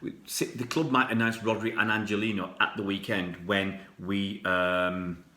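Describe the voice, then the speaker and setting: A man's voice: on the low side, little pitch movement, moderate pace, sharp tone. A man hosting a live football stream, greeting viewers and chatting loosely with many fillers and restarts. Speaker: football channel host. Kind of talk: live stream chat reading comments.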